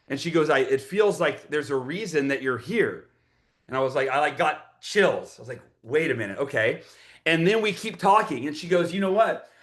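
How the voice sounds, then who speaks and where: Fired-up man telling a story. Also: fairly high pitch. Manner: energetic, repeats words when excited. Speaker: motivational speaker. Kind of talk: storytelling talk to an audience.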